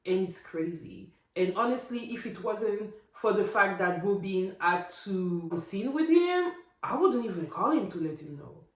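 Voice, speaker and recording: A woman's voice: fairly low pitch, moderate pace, hardly any pauses. Opinionated woman vlogger in an echoey room. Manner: opinionated, animated, rhetorical. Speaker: recap vlogger. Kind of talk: casual reality TV recap.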